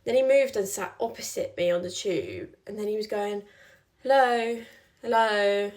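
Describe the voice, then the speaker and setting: A woman's voice: medium pitch, expressive, brisk, warm tone. A young woman casually telling a personal story, chatty with lots of filler "like"s. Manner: chatty, many "like"s, acts out quoted lines.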